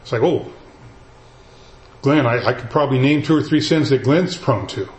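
A man's voice: mid-range voice, moderate pace, low-quality recording. A male pastor preaching a conversational sermon, often restarting his sentences as he explains a passage.

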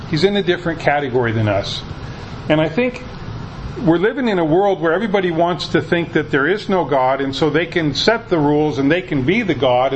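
Guy preaching a laid-back sermon, kinda high voice, bit of room hiss behind him. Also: highs cut off. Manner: conversational preaching with frequent restarts. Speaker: pastor.

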